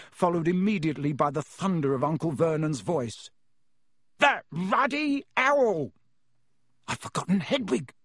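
A man narrating a storybook aloud in a steady, even-paced reading. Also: fairly high pitch, no room sound, clean studio sound. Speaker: audiobook reader.

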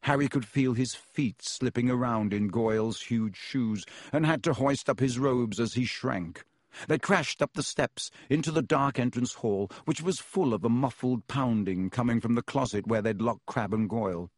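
A man's voice: medium pitch, moderate pace, dry recording. Male audiobook narrator, dry close sound. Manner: steady storytelling. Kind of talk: scripted narration.

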